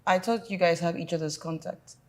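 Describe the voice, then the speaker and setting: An actress playing a playful young woman with a teasing, expressive manner. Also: on the low side, fairly quick, close to an everyday voice. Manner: teasing, expressive, laughing easily. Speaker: the boss's sister.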